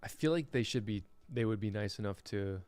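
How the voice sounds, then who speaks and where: A man's voice: on the low side, fairly quick, darkish tone, clean tone, soft background music. A man hosting a casual livestream podcast in a laid-back way, reading out viewer comments and steering the agenda. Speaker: podcast host.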